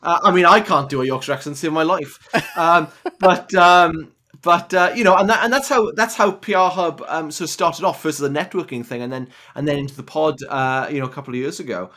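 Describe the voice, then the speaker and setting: A man's voice: on the high side, brisk, sharp tone. A man co-hosting a podcast in casual chat, enthusiastic and a bit rambling. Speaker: podcast co-host.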